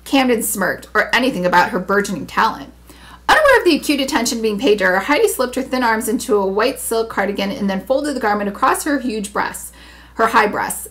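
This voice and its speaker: A woman hosting a book club, reading a novel aloud with steady narration. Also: on the high side, a little fast.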